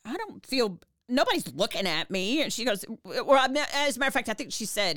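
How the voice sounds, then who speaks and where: Woman co-host, smooth clear voice, dry close sound, animated chatty storyteller. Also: fairly quick, no echo. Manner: animated, many restarts, pitch rises when reliving tears. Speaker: podcast co-host. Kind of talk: casual storytelling to her husband.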